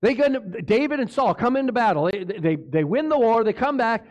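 A male pastor delivers an emphatic sermon in a fairly high voice that swings widely up and down. He peppers the congregation with rhetorical questions. He often trips over a name and quickly corrects himself. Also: big pitch swings, creaky, a little mellow.

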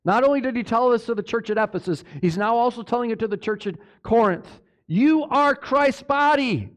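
A man with a high-pitched voice preaches from the pulpit. He delivers his sermon emphatically and keeps turning to the congregation with a questioning "amen?". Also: fast talker. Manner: emphatic, asks the congregation for amens. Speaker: pastor.

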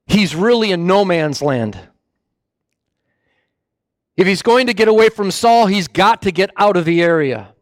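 Male preacher, animated sermon storytelling, high voice, self-correcting, dry close sound. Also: a little slow, pauses often, no room sound. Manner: animated storytelling, corrects himself mid-phrase.

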